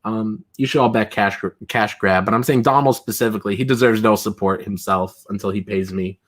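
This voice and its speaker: A man's voice: on the low side, fairly even intonation, fairly quick, hardly any pauses. A man hosting a casual livestream, rambling and chatty, full of fillers and chuckles. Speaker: livestream host.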